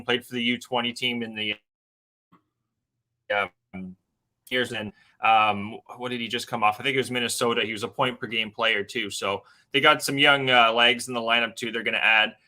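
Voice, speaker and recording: Canadian man, betting show guest, excitable, rambling, bright forceful voice. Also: medium pitch, normal speed. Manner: excitable and rambling, many fillers. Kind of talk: sports betting talk show.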